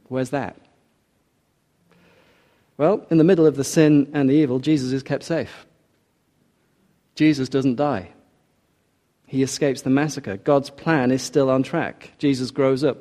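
A man preaching a sermon, earnest and measured, slowing down to stress key lines. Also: medium pitch, dark tone. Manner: measured, earnest, slows for emphasis.

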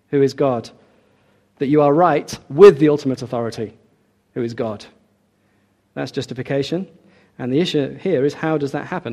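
Middle-aged man, preacher, sermon, emphatic, repeats key points, slightly high voice, mellow tone.

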